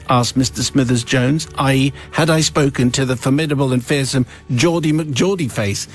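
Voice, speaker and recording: A radio host reading a listener's confession aloud, with wry, theatrical storytelling and dry asides. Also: male voice, mid-range voice, moderate pace, creaky, faint music behind. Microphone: studio microphone.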